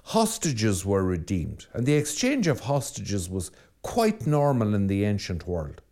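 A priest giving a reflective sermon that drifts into storytelling. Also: male voice, lowish voice, wildly swooping pitch, a little slow, dark tone. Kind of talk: spoken sermon.

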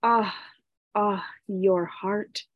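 A woman voicing two small sexless creatures made of dirt who moan along softly and answer firmly. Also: mid-range voice, a little slow, narrow, tinny audio, lightly acted. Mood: sympathetic. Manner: echoing moans, soft and steady.

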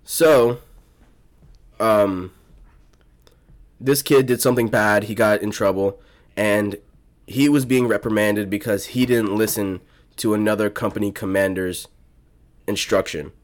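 A man's voice: on the low side, fairly even intonation, unhurried, long pauses. A young man from South Florida hosting a podcast, telling a rambling story full of swearing and restarts in casual chat. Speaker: podcast host.

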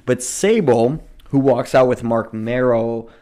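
A man's voice: medium pitch, slow pace, mellow. A man co-hosting a casual podcast, rambling and laughing as he chats. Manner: rambling, laughs often, sings snippets. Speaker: podcast co-host.

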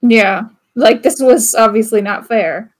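Wry, higher-voiced woman podcast co-host. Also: unhurried. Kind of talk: casual book discussion.

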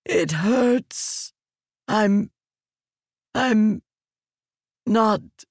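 A narrator voicing a dying ancient female Fused, croaking in slow, broken phrases for an audiobook. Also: medium pitch, expressive, dry recording, voice pushed up, heavily acted. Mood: weak, urgent. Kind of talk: audiobook character reading.

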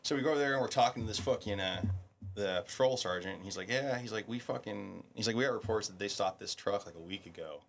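A man's voice: fairly low pitch, fast talker, vocal fry, slight background noise. A middle-aged man telling war stories in casual podcast chat, swearing freely and acting out the people he quotes. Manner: profane, animated, acts out quoted voices. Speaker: podcast guest, military veteran. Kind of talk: casual storytelling.

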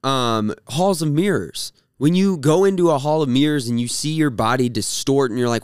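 A man's voice: a little high, lively intonation, darkish tone, clean tone, no room sound, studio quality. A young man co-hosting a podcast, agreeing readily and adding his own examples in casual chat. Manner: agreeable, affirming, quick to chime in. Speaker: podcast co-host.

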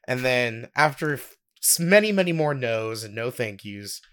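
Young man with a lively, laughing delivery. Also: medium pitch, normal speed. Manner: giggly, animated storyteller. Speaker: podcast co-host. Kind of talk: casual chat, storytelling.

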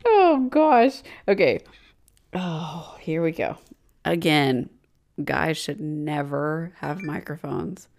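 A woman's voice: sits low, expressive, takes it slowly, gravelly, a little mellow. A woman co-hosting a casual chat, blunt and giggly, swearing freely. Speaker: podcast co-host.

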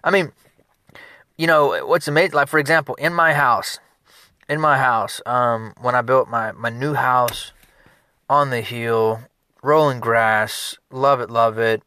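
A man, a business consultant, giving an energetic motivational talk in a conversational, repetitive way. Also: medium pitch, measured pace, dry recording.

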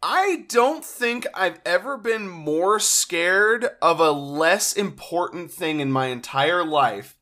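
A woman's voice: lowish voice, lively intonation, slow pace, hardly any pauses, fairly bright tone. Twenties woman, podcast co-host, blunt joking casual talker. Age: 20s. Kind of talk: casual chat.

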